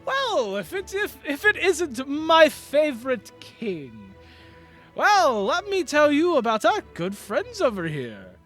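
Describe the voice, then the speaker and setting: A man's voice: extremely high pitch, huge pitch swings, slow, a bit bright, soft background music, voice pushed up, heavily acted. A man voicing a cheeky, smug young adventurer who teases in a sing-song way. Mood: teasing.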